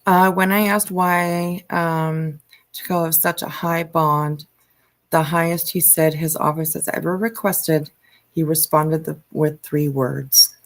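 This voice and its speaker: Woman, livestream host, gravelly vocal fry, lowish pitch, reads news and comments, halting, lots of ums. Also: fairly even intonation. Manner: halting, frequent um and uh. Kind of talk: reading news aloud and commenting.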